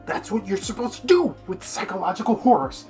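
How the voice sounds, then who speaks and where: A man's voice: high-pitched, very animated, brisk, a little mellow, soft background music. A man casually reviewing a manga in a rambling, profane, unfiltered way.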